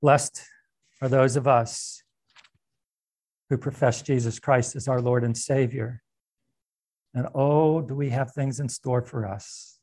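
A man preaching a sermon as pastor, animated and conversational, with asides and restarts. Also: mid-range voice, takes it slowly, pauses often, dry recording, clean studio sound.

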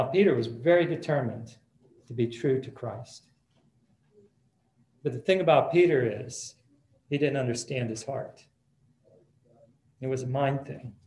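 A man's voice: a little high, a little mellow, reverberant, low-quality recording. A man preaching a sermon as pastor in an easygoing, conversational way, often repeating words as he restarts.

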